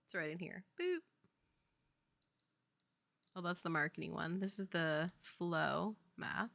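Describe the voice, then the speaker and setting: Bright-voiced chatty woman streamer. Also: on the low side, unhurried, gravelly, pauses often. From Louisiana, US Southern. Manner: chatty, rambling, laughs often. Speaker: game developer streaming. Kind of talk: casual chat on a dev stream.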